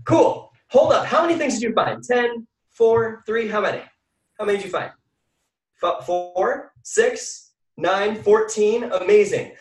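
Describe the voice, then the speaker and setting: A man giving a motivational talk to an audience, energetic and often asking the listeners questions. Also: high voice, a little slow. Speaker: mindset speaker. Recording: echoey room from far off.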